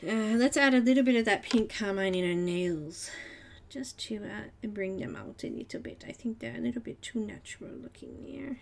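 A woman's voice: on the high side, very animated, moderate pace, vocal fry, a little hiss or hum. Chatty woman coloring live. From Australia. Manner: chatty and giggly, talking to herself while drawing. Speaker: art tutorial host. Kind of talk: live coloring tutorial chat.

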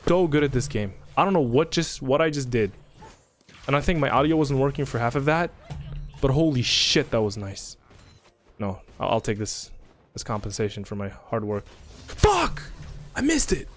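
A man giving loud, profane, trash-talking commentary while playing a video game, his voice swinging between mutters and shouts. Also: medium pitch, moderate pace, soft background music. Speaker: gaming streamer.

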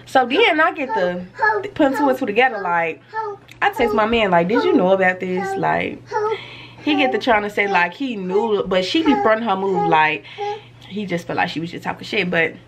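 Animated woman telling a story at home. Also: mid-range voice, moderate pace, a loud crowd. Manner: animated storytelling, lots of slang and cursing. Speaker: vlogger. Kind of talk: casual story time to camera. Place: home, indoors.

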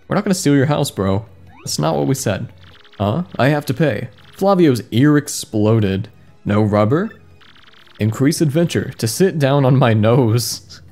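A man's voice: mid-range voice, measured pace. A man doing comedic let's play commentary, reading mistranslated game text aloud and joking about it in a wry, amused way. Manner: wry, amused, reads mistranslated lines with deadpan jokes. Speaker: gaming commentator. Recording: faint game music behind voice.

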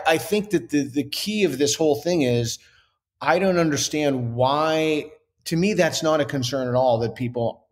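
Man, interview guest, average pitch, earnest, reasoning aloud, frequent restarts. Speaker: author and guest. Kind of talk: interview conversation.

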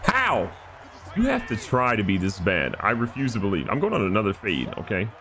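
A man giving excited, joking gameplay commentary as a gaming YouTuber. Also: lowish voice, fairly quick, faint music behind. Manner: animated, joking, trash-talking.

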